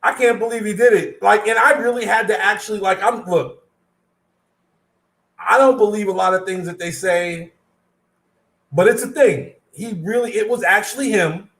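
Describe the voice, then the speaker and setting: High-voiced man co-hosting in an echoey room. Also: moderate pace, fairly bright tone. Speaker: co-host. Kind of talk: casual podcast chat.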